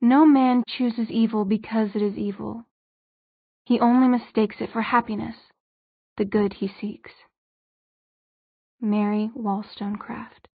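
A woman tells the story in an even, measured audiobook read with a slightly husky, higher voice. The recording is narrow-band and tinny, and completely dry. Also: dry recording. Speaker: audiobook narrator. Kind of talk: audiobook narration.

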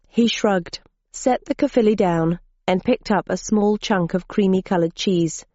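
A woman's voice: medium pitch, moderate pace, mellow, no room sound. A woman narrating an audiobook in first person, with dry, wry storytelling on a dull lo-fi recording.

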